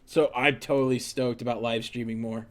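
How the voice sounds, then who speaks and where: A man's voice: mid-range voice, fairly even intonation, normal speed. A young man live-streaming while he draws, chatting casually and rambling as he answers viewer questions.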